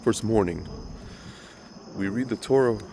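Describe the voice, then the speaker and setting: A man's voice: fairly low pitch, a little slow, gravelly, noisy background. A man hosting a casual commentary monologue who talks straight to his viewers in a rambling, opinionated way, his voice slightly nasal from a recent cold. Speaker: religious commentary host.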